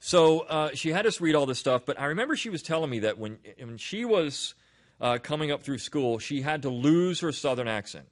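Man, host, casual commentary, rambling asides, animated pitch. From Delaware. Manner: rambling, with frequent restarts and asides. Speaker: podcast host.

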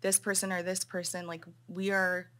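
Young woman, bright tense voice, earnest and choked up, keeps restarting. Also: fairly low pitch, little pitch movement, normal speed. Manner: earnest, moved close to tears, restarts often. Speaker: interviewer. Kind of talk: emotional casual chat.

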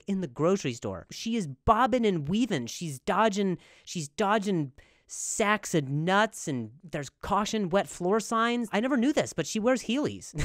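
A man's voice: sits high, no echo, studio quality. A male comedian doing a rambling comedic monologue, with a stutter that makes him repeat words. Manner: animated, rambling.

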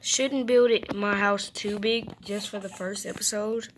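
A woman's voice: mid-range voice, fairly even intonation, a little slow, slight background noise. A young woman giving chatty, playful gameplay commentary, talking to the animals in her game. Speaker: gamer.

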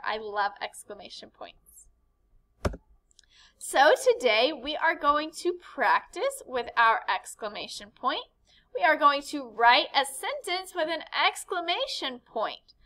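Bright, lively woman teaching young kids. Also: high voice. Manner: animated and expressive, acting out exclamations. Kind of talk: elementary classroom lesson.

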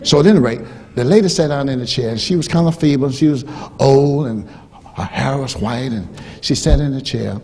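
A man preaching a sermon in church, swinging from fervent shouting to quiet storytelling. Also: mid-range voice, fairly quick, slight background noise. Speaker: pastor.

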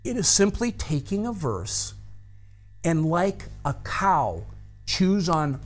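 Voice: mid-range voice, sing-song, slow, faint music behind. A Bible teacher giving a recorded study lesson, explaining a practice step by step and thinking aloud through a verse.

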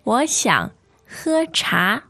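A woman co-hosting a Mandarin lesson models pronunciation very slowly, patiently repeating words with care. Her voice is fairly high, gravelly, bright and forceful, and very animated, recorded with no room sound and faint music in the background.

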